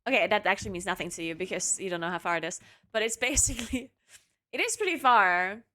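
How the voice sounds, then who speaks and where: A woman's voice: mid-range voice, animated, fast talker, bright, forceful tone. A woman streamer chatting casually with her viewers from her apartment, talking in loose runs full of fillers and restarts. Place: home apartment.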